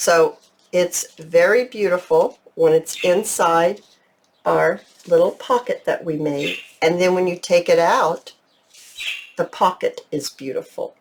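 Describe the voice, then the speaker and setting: A woman's voice: fairly low pitch, a little slow, slight background noise. A middle-aged woman hosting a casual craft tutorial, gushing with enthusiasm and talking straight to her viewers. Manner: gushing, enthusiastic, talks to viewers as "you guys". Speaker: crafting channel host.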